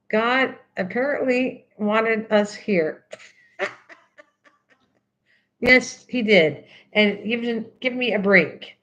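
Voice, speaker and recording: Slow-talking older woman crafting host. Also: fairly high pitch, fairly bright tone, low-quality recording. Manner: chatty, teasing, repeats words over and over. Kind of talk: casual chat while crafting.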